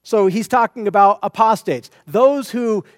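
Man, preacher, expository sermon, high voice, earnest, restarts, dry room. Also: measured pace, dry recording. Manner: earnest teaching, frequent restarts and repeated words.

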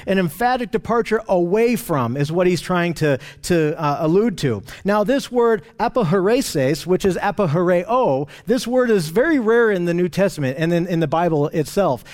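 A man teaching a Bible study lesson over a map, explaining in a steady way with frequent restarts and fillers. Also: sits high.

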